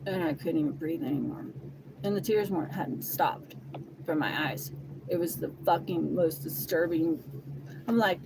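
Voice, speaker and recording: A woman recounts a painful personal story in raw, blunt language, swearing freely as she goes. Her voice is gravelly with plenty of vocal fry, and the recording has clear background noise. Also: deep voice, normal speed. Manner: blunt and heavily profane. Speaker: person giving a personal testimony. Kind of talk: emotional first-person storytelling. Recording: noisy background.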